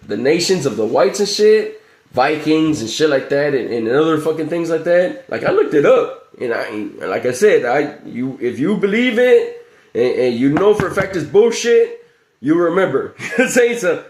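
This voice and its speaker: A man's voice: fairly high pitch, echoey room. A man ranting on a livestream in a loose, profane way, often repeating the same filler phrase. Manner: profane, repetitive, keeps saying "you know what I'm saying". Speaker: livestream host. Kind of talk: rambling livestream rant.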